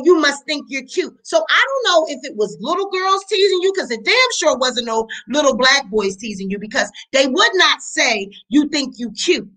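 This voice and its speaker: A woman, talking high and bright. She gives a blunt, heated reaction commentary full of profanity, speaking straight into the mic. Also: low-quality recording. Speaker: commentary channel host.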